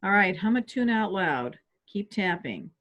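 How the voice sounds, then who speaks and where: A woman calmly guiding listeners step by step through a stress relief tapping exercise on a video call. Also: mid-range voice, a little slow. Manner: calm step-by-step coaching. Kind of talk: guided tapping exercise instruction. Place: home office on a webinar.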